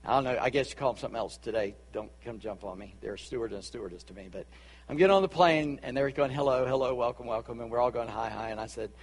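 Southern pastor preaching in a hall. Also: male voice, mid-range voice, lively intonation, racing, breathy edge. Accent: Charleston Southern US. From Charleston, South Carolina. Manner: conversational preaching with asides and laughter. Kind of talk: sermon.

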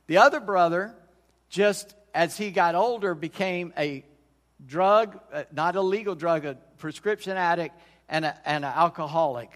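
A man's voice: high voice, moderate pace, a bit bright. A middle-aged man preaching a sermon as pastor, folksy and conversational, often restarting his sentences. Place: church sanctuary. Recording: long church hall reverb.

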